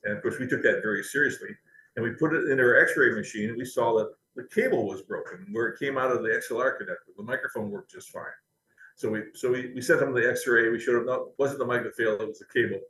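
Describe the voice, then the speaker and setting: A man's voice: medium pitch, fast talker, fairly bright tone, a little hiss or hum. A man, a company historian, telling anecdotes in an interview, chatty and laughing now and then. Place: company building. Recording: roomy echo.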